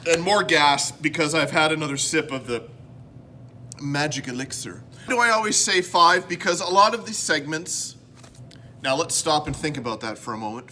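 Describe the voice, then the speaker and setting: A man's voice: fairly high pitch, pushed and bright, slight background noise. A man from Canada hosting a casual home vlog, rambling and joking at his own expense. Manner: rambling, self-mocking, jokey. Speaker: host.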